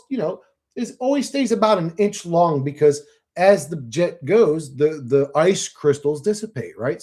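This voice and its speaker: A man from Florida in his late thirties reads viewer comments aloud in a rambling, profanity-heavy, filler-filled monologue. His voice is higher than average with a darkish tone.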